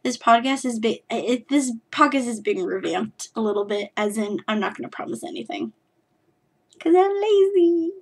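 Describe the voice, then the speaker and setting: A woman's voice: on the high side, fairly even intonation, normal speed, creaky, hardly any pauses, husky. A woman from California, hosting her knitting podcast in a rambling, self-deprecating chat full of fillers and restarts. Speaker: podcast host.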